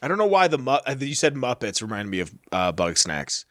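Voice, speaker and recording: A man co-hosting a podcast, telling stories in a casual, animated and profane way. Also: mid-range voice, a little fast, dry recording, studio quality. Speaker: podcast co-host. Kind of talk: casual chat.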